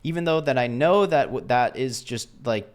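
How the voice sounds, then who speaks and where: A man's voice: mid-range voice, normal speed. A young man casually telling a story to camera in a rambling, self-deprecating way, acting out the voices of the people he quotes. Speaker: vlogger.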